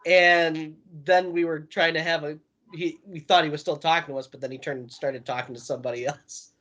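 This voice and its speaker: A man's voice: a little high, fairly even intonation, brisk, a bit bright. A man on a podcast telling a laid-back, profane anecdote in casual chat. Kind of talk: casual storytelling.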